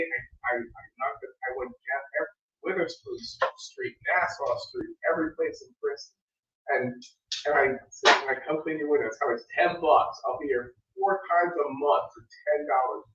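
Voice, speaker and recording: A man from New Jersey telling an animated story in casual podcast chat. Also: fairly high pitch, recorded from a distance. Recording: echoey room, off-mic, dull sound.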